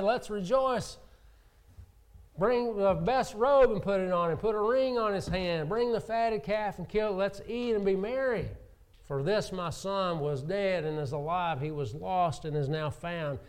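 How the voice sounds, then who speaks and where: A man's voice: sits high, smooth. A man preaching a sermon, earnest, who rises and falls for emphasis and acts out quoted speech. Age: adult with children.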